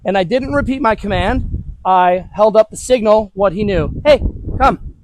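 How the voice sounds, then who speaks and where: A man's voice: high-pitched, moderate pace, a little mellow, a little hiss or hum. A man working as a dog trainer, casually talking viewers through a hands-on demonstration with his dog outdoors.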